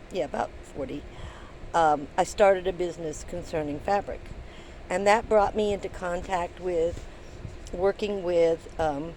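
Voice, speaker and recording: A woman's voice: lowish voice, warm tone, low-quality recording. Chatty older woman with faint noise. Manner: chatty, rambling, many ums and restarts. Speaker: vlogger. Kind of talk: casual storytelling to camera. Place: in a van.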